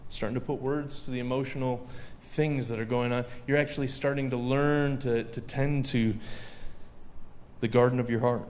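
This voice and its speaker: A man's voice: medium pitch, steady tone, normal speed, darkish tone, slight background noise. A man giving a sermon in a conversational way, chatting and joking with a live audience.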